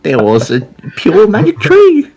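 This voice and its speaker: A playful woman haggles in character during a tabletop game, her pitch leaping wildly from line to line. She talks slowly with a slightly breathy tone. Faint music plays underneath. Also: wildly swooping pitch, a little mellow. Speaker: player. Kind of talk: in-character tabletop role-play.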